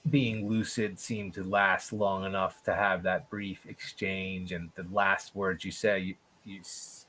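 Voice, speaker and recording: A man's voice: sits low, sharp tone, a little hiss or hum, rough recording. A man narrating a tabletop game as game master, hesitant and full of fillers.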